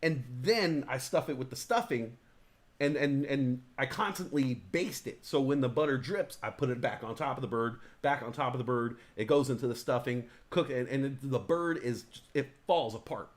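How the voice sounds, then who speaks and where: A man hosting a live talk stream, chatting casually in a rambling, excitable, profane way. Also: medium pitch, moderate pace. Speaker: talk show host. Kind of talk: casual chat.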